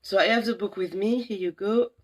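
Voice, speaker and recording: A young adult woman from a library staff giving a casual live demo of apps, chatty and enthusiastic with many pauses. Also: medium pitch.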